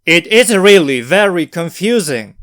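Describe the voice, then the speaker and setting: Smooth-voiced man narrating a language lesson. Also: high voice, lively intonation, unhurried, fairly bright tone. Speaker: language video host. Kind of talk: scripted educational narration.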